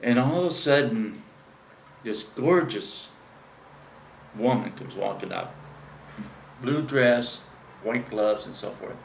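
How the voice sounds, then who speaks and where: Gravelly man spinning a rambling story. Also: mid-range voice, slow pace, long pauses, slight background noise. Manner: rambling, frequent fillers, acts out quoted voices. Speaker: interview guest telling stories. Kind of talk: casual anecdotal storytelling. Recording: distant mic in an echoey room.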